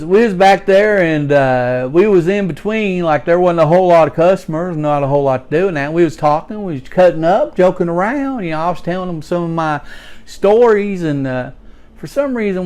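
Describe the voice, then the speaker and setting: A man's voice: a little high, darkish tone, smooth, close to an everyday voice. A man playing a stammering redneck. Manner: stammering, folksy, storytelling. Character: folksy rambling redneck working man. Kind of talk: rambling comedic character monologue.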